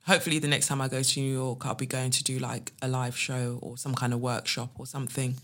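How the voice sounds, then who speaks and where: A woman's voice: very deep voice, level tone, fast talker, few pauses. A woman hosts a casual podcast from her living room, chatting playfully and reading tarot with spiritual asides. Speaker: podcast host.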